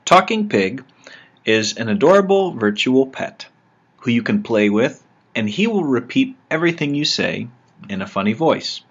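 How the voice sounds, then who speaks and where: A man, a religious brother, giving a scripted spiritual reflection in a measured, reflective and gently humorous way. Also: mid-range voice, very animated. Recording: dull lo-fi recording.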